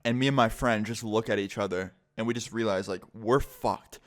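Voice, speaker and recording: A young man telling a story on his vlog in a casual, rambling way, full of fillers. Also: fairly low pitch. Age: young adult. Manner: casual, fast-flowing storytelling with many fillers. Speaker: vlogger.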